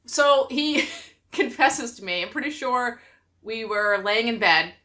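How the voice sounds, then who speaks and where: A young woman vlogger telling funny stories about her husband, animated and laughing often. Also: fairly high pitch, slow pace. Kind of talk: casual storytelling to camera.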